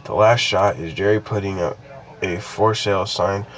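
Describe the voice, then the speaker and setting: A man's voice: low voice, moderate pace, low-quality recording. A young man casually reading a creepypasta aloud, stopping often to ramble and restart his sentences with lots of fillers. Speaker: creepypasta reader.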